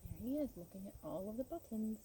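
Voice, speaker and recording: A woman reading a picture book aloud to a child, gentle and expressive, pausing to ask questions. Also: medium pitch, a little hiss or hum, rough recording.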